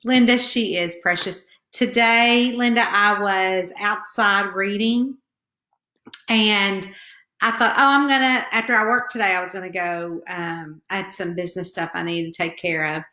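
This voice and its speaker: An author, a middle-aged woman with a Southern hillbilly twang, hosts a live stream from home, chatting nervously with viewers and greeting them by name. Her voice is medium-pitched, fairly even, unhurried and sharp, in an echoey room.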